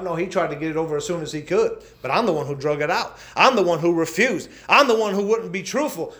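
Male pastor, high voice, fervent preaching that rises and drops, echoey church room. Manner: impassioned preaching that swings between loud and hushed. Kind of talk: sermon.

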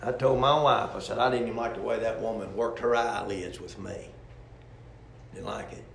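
A preacher with a gravelly voice, preaching a folksy sermon full of questions and homespun stories. The sound carries in a roomy church, with faint ambience behind him. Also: male voice, lowish voice, steady tone, moderate pace, a bit bright, slight background noise. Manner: folksy, rhetorical, storytelling with humor.

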